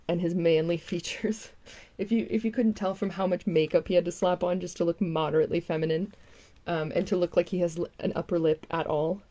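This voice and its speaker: Mocking young woman, lower voice. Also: dark tone. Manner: mocking, profane, laughs often. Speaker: online commentator. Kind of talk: casual reaction commentary.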